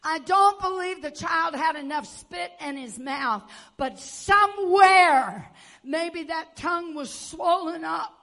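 A woman preacher giving an impassioned sermon, moving between hushed tones and shouting as she tells stories. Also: very high voice. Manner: storytelling with acted-out quotes.

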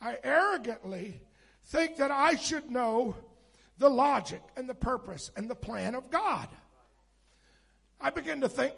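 A man preaching a sermon as pastor, fervent and rising to shouts, with candid conversational asides. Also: very high voice, expressive, a little slow, creaky, long pauses, breathy edge.

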